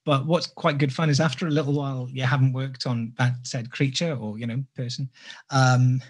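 Instructor, rambling self-mocking teacher, husky mid-pitched voice. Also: male voice, level tone, normal speed. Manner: chatty, self-deprecating, jokey. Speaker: sculpting instructor. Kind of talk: live tutorial with rambling asides.

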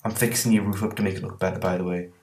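Young guy chilling on a game stream, lowish voice, jokey and easygoing. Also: steady tone, racing, a little mellow, a little hiss or hum. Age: young adult. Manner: laid-back and jokey. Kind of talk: casual gaming chat.

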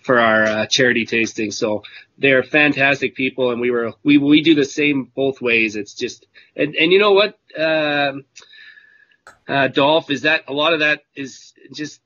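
A man's voice: mid-range voice, steady tone, unhurried, pushed and bright, muffled recording. A man telling a story in casual chat on a video call, rambling and correcting himself as he talks. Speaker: whisky club member.

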